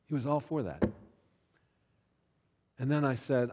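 A pastor telling a personal story in a sermon, chatty and self-deprecating, often tossing in "right?" and "you know.". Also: male voice, mid-range voice, expressive, a little slow, a little mellow. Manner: conversational, with frequent "right?" and "you know" asides.

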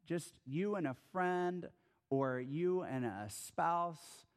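A man's voice: fairly high pitch, slow, clear, resonant tone. A man preaching a sermon as a pastor, telling the story in a casual, conversational way and acting out the scenes.

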